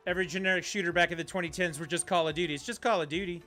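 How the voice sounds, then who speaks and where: High bright-voiced ranting streamer man. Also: steady tone, very fast, few pauses, faint music behind. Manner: ranting, blunt and profane. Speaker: game streamer. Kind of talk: casual livestream chat while gaming.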